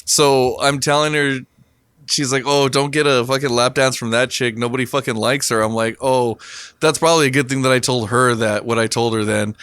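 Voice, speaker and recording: A laid-back man co-hosting a podcast, with a smooth, resonant voice recorded dry and close. He talks in a relaxed, easy way and keeps breaking into laughs. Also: medium pitch, moderate pace, no room sound. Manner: laid-back, laughs often while talking. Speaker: podcast co-host. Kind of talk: casual chat.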